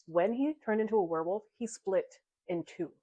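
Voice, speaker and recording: A woman's voice: medium pitch, moderate pace, dark tone, breathy edge, lo-fi sound. A woman casually recapping a novel in a chatty, giggly way, slipping into the characters' lines as she retells the plot. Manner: chatty retelling, slips into quoted dialogue. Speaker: book club vlogger.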